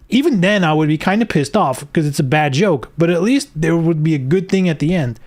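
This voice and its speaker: A man's voice: on the high side, moderate pace, hardly any pauses, darkish tone. A man streaming live, reading game news aloud and ranting about it sarcastically, swearing often.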